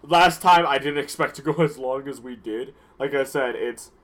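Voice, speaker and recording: A man's voice: mid-range voice, moderate pace, fairly bright tone. A young man narrating as dungeon master, hesitant, with many fillers and restarts. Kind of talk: narrating a tabletop game.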